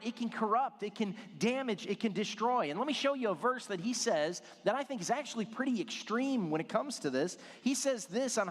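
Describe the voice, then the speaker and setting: A man's voice: high-pitched, a bit bright. A middle-aged male pastor preaching a sermon, telling stories with self-deprecating jokes. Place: church sanctuary. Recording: long hall reverb.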